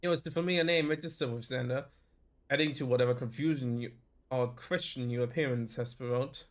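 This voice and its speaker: A man's voice: medium pitch, brisk. Man reading a game aloud. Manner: frequent self-corrections and restarts while reading. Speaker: streamer.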